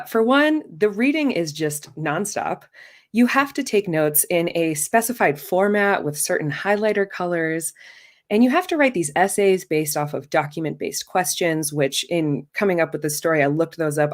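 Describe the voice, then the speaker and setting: A woman in her thirties telling a true first-person story live, in a wry, self-mocking, conversational way. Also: lowish voice.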